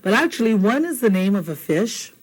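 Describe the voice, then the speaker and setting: A woman from Hawaii with a Hawaiian accent leads a televised language lesson. She is patient and playful, repeating each word slowly and asking "okay?" often. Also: mid-range voice, big pitch swings, slightly rough, rough recording. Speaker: language teacher.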